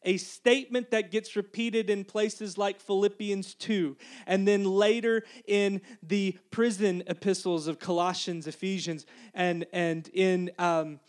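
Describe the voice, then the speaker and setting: A man's voice: high voice, fairly even intonation, a little slow, few pauses. A male pastor preaching a sermon in a conversational way, often calling out "Amen?" to the congregation and making joking asides. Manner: conversational, calls for "Amen?" responses.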